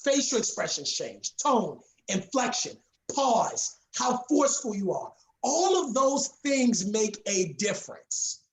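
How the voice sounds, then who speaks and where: A woman's voice: on the high side, very animated, takes it slowly, few pauses. A woman teaching a public speaking class, speaking with emphasis and repeating her key words for weight. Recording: roomy echo.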